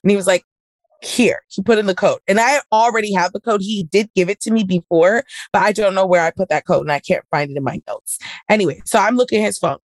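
A woman's voice: mid-range voice, quick pace, dry recording. A woman casually telling a story on a podcast, acting out both sides of an argument. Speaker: podcast co-host. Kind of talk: casual chat.

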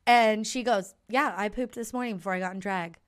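A woman's voice: mid-range voice, fairly quick. A young adult woman co-hosting a podcast, telling stories casually and acting out what people said. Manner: chatty storyteller, animated quoting. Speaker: podcast co-host. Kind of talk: casual chat.

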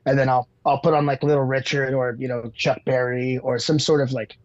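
A man's voice: medium pitch, flat delivery, brisk, dry recording, highs cut off. A man, a musician guest on a podcast, telling rambling stories with lots of fillers and casual swearing.

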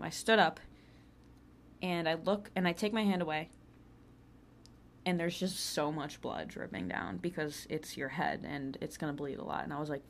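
A young woman podcast host tells a personal story in a chatty, casual way, packed with filler words and laughter. Her voice is deep, with vocal fry.

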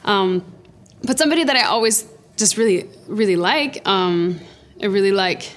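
A woman's voice: medium pitch, expressive, moderate pace. A woman musician being interviewed as a podcast guest, answering in a gushing, hesitant way with many fillers.

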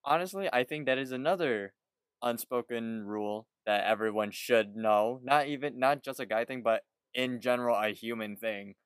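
A man's voice: medium pitch, moderate pace, clean tone, no room sound. A man co-hosting a podcast, chatting casually and swearing freely. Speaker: podcast co-host. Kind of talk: casual chat.

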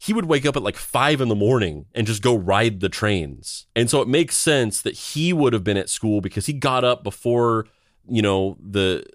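A fairly low-pitched man in his thirties talks through a casual podcast chat. He rambles, restarting sentences and repeating words as he goes. The sound is dry and close, with no room echo. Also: lively intonation, moderate pace. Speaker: podcast host.

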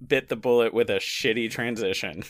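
A man's voice: mid-range voice, brisk. A man co-hosting a casual podcast chat, joking and playful, laughing often. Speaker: podcast co-host.

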